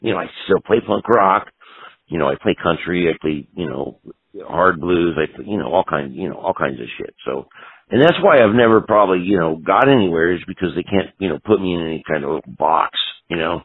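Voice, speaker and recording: Sitting low in pitch with lively intonation, this man's slightly rough voice runs a little fast. He's a punk guitarist in his 50s being interviewed, a rambling storyteller who swears freely and says "you know" constantly. The recording is dry and close, with a tinny, phone-like quality.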